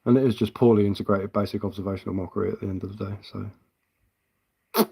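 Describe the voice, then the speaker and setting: A man's voice: on the low side, fairly even intonation, fairly quick, creaky, warm tone, husky. A man chatting casually on a live stream as a woodcarver, easygoing and answering viewer comments.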